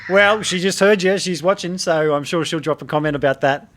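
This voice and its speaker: A man's voice: on the high side, a little fast, fairly bright tone. Chatty Australian man hosting a podcast. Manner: rambling anecdotal storyteller, chuckles often. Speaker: podcast host. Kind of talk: casual chat.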